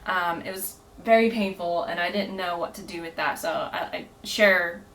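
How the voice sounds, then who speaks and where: A woman's voice: on the low side, fairly even intonation, moderate pace, fairly bright tone, slight background noise, poor audio. A woman guest on a podcast, telling her story earnestly with many fillers and frequent laughter. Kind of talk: casual storytelling.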